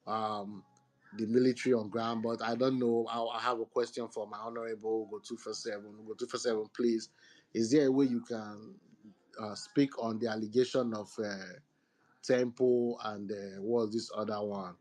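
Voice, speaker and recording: A man's voice: on the low side, little pitch movement, normal speed, darkish tone. A man speaking in a casual online talk, earnest and rambling with hesitant fillers. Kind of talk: casual chat.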